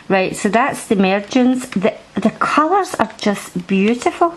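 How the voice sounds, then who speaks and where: A woman's voice: mid-range voice, animated, a little slow, few pauses, a little hiss or hum, rough recording. A woman chatting through a card deck review at home, rambling and restarting her sentences. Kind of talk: casual show-and-tell review. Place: at home, indoors.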